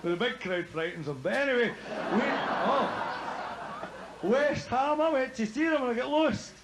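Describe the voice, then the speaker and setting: Jokey Scottish stand-up comedian. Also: male voice, extremely high pitch, expressive, moderate pace, heavy background noise. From Scotland. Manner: chatty, jokey, laughs at his own gags. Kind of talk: stand-up comedy routine on stage.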